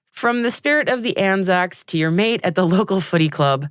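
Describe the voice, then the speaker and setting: A woman's voice: on the low side, animated, normal speed, no echo, clean studio sound. Upbeat American woman hosting a podcast. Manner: upbeat, playful asides. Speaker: podcast host. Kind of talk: scripted news reading.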